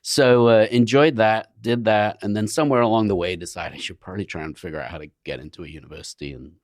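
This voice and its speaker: A man's voice: fairly low pitch, fast talker, no echo. A middle-aged man from England, his English accent drifted toward mid-Atlantic, answering interview questions with dry, self-deprecating humor. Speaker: guest scientist. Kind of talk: relaxed interview talk.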